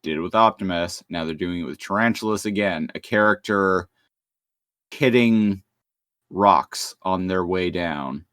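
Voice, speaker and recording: A man co-hosting a podcast in casual chat, amused and quick to laugh. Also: low-pitched, a bit bright, no room sound, studio quality. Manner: amused, laughs often while chatting. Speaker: podcast co-host. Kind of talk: casual chat recapping a cartoon episode.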